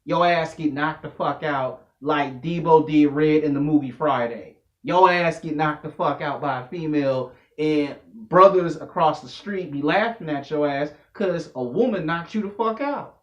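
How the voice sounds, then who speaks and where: A man delivering a loud, profane comedic rant to camera, telling slangy stories as a vlogger. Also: a little high, a little slow. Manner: loud, animated, slangy storytelling. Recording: echoey room, dull lo-fi audio.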